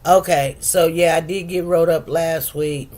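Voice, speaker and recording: A woman's voice: sits low, steady tone, normal speed, a little mellow. A woman in her fifties hosting a livestream, chatting casually with viewers in a rambling, laughing way. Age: 50s. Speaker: livestream host.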